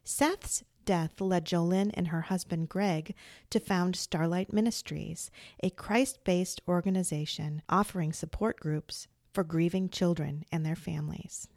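A middle-aged woman hosting an interview podcast, introducing the episode and gently asking her guest questions. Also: lowish voice, unhurried, no echo, studio quality. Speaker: podcast host.

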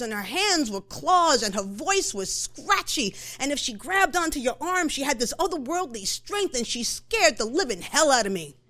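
Animated woman telling a personal story. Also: high voice. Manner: conversational, animated, with fillers and self-corrections.

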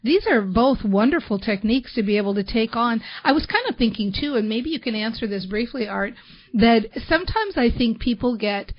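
A woman's voice: on the high side, animated, brisk, lo-fi sound. A woman hosting a podcast, chatting enthusiastically and filling her talk with "like" and "you know". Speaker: podcast host. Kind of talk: casual interview chat.

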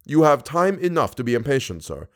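A man voicing a grave, cautious older Persian guide with a Persian accent, speaking in a low, measured, hushed way in an audiobook reading. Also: very animated, lightly acted.

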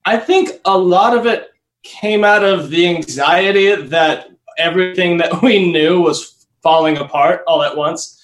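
A man's voice: high-pitched, unhurried, fairly bright tone, reverberant, poor audio. A man guest in a casual interview, rambling and laughing often as he trails off. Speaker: guest, Las Vegas entertainer.

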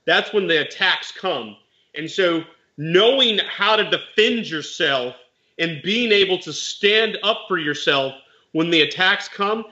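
A man's voice: sits high, sharp tone, highs cut off. A man, a real estate investor and mentor, telling a story in casual chat and explaining legal points plainly with animation.

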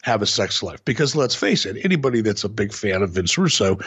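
Husky, stammering male podcast co-host. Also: on the low side, expressive, fairly bright tone. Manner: halting, stammering, sarcastic. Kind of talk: casual podcast banter.

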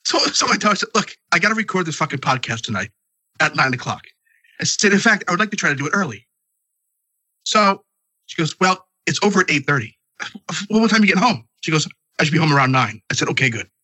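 A man's voice: a little high, lively intonation, fast talker, sharp tone, no echo. A man hosting a podcast, telling a long comic story full of profanity while congested. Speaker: podcast host. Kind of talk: casual podcast chat.

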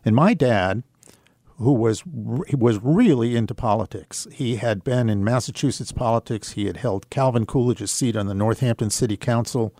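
A man speaking as a guest on a radio show, telling a personal story in an earnest, reflective way, unhurried and with fillers. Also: medium pitch, mellow, no room sound, clean studio sound.

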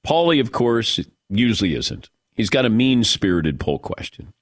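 A middle-aged man hosting a sports radio show in casual chat, animated and laughing often. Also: medium pitch, normal speed.

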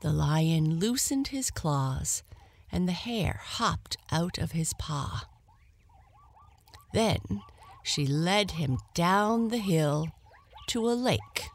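Woman storyteller, bedtime, very slow, soft, lively melody. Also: lowish voice, vocal fry. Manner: soft, slow and lulling, dropping to a whisper.

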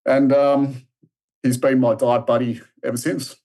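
His voice is mid-range and dark, level in tone and a little slow. An Australian podcast guest in his thirties who works as a strength and conditioning coach, he tells a long, casual interview story packed with restarts and filler words.

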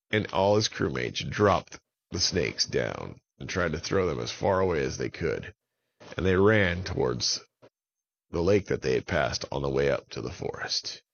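A man telling a children's story in an unhurried, expressive way. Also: low-pitched, vocal fry, dull audio.

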